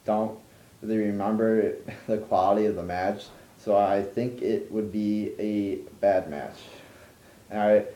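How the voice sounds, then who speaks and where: Ranting vlogger, male, mellow low voice, swears a lot, restarts sentences, roomy room. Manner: profane, exasperated, rambling with restarts. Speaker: wrestling commentary vlogger. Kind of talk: ranting monologue.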